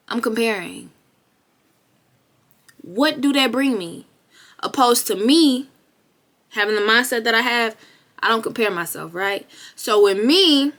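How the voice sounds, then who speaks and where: With a fairly high-pitched voice, a young woman vlogs a frank, expletive-filled motivational speech to camera, her emphatic delivery swelling into loud bursts.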